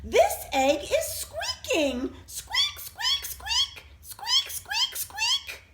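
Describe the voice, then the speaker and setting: A woman's voice: extremely high pitch, wildly swooping pitch, drawn-out words, heavy background noise, voice pushed up, heavily acted. A woman voicing a fussy, worried mother bird in a read-aloud storybook, squealing and exclaiming in alarm.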